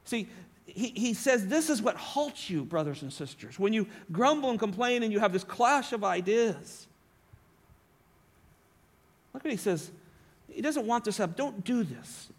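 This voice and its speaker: A man preaching a sermon as pastor, swinging between emphatic lines and hushed asides. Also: sits high, sing-song, unhurried, long pauses.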